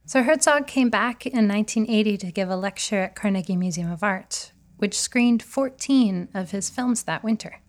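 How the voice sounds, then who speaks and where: A woman co-hosting a podcast, reading scripted narration in a clear, informative way. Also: medium pitch, moderate pace, few pauses. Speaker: podcast co-host.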